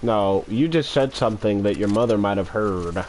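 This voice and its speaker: A young man voicing a gruff scolding man in a put-on deep voice during joking voice chat. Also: background noise, lightly acted. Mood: mock-stern. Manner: mock-stern, drawn-out lecturing. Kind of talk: joking voice chat while gaming.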